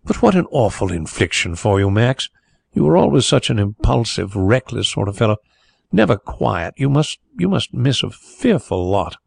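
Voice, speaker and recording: A man's voice: on the low side, sing-song, moderate pace, creaky, breathy edge, no room sound, exaggerated voice. A man reading the part of an outspoken former solicitor who now runs a private inquiry agency. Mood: sympathetic. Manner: blunt, sometimes hot-tempered. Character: brisk, outspoken former lawyer turned inquiry agent. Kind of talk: audiobook character reading.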